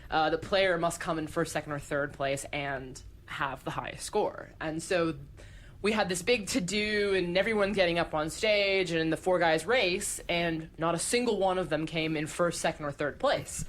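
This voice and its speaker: A woman's voice: fairly low pitch, normal speed, slight background noise. A woman chatting on a podcast, telling a story in a loose way with lots of fillers. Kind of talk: casual anecdote on a podcast.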